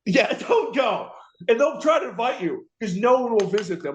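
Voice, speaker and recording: A man's voice: high-pitched, animated, moderate pace. A man hosting a radio show, ranting casually and profanely, laughing and mimicking people. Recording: roomy, dull lo-fi sound.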